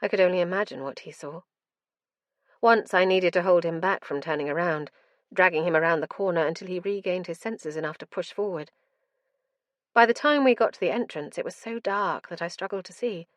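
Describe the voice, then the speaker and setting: A woman narrating a dark fantasy audiobook in the first person, with a tense, dramatic delivery. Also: fairly low pitch, fairly quick, no echo.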